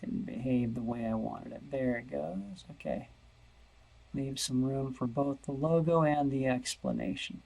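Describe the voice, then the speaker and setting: A man's voice: mid-range voice, steady tone, a little slow, creaky, a little mellow, low-quality recording. A man teaching a math lesson over a screen recording, thinking aloud and repeating words as he searches.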